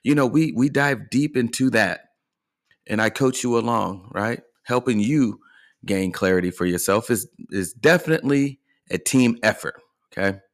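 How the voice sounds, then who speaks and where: A man's voice: mid-range voice, normal speed. A man hosting a motivational coaching podcast, speaking earnestly and encouragingly, often checking in with the listener. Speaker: life and fitness coach, podcast host.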